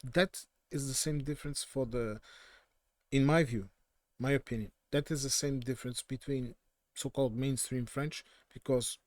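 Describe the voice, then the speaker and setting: A man's voice: medium pitch, steady tone, normal speed, a little mellow, dry recording. Portuguese man giving opinionated commentary. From southern Portugal. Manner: opinionated, digressive, frequent self-corrections. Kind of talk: casual political commentary.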